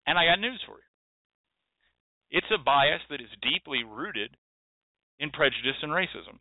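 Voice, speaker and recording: A man's voice: a little high, animated, a little slow, dry recording. A man hosting a show, lecturing in an emphatic, repetitive monologue. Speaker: host. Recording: tinny phone-like sound, dry.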